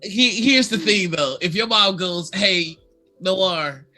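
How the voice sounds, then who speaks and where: A bright-toned woman speaks slowly, and her pitch swings widely from sentence to sentence. She co-hosts a casual chat and jokes with plenty of laughter. Faint music plays underneath. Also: expressive. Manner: slow, laughing, swearing banter. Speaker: co-host.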